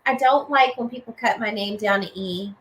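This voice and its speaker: A woman hosting a podcast in casual chat, animated, laughing often and acting out greetings. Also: medium pitch, normal speed. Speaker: host. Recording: roomy echo, faint noise.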